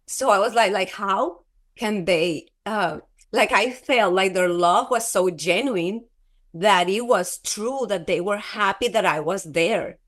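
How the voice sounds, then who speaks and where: A woman who is a guest in an interview, telling a personal testimony in a halting, earnest way, with many filler words and restarts. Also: mid-range voice, fairly bright tone. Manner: earnest, often breaks into laughter.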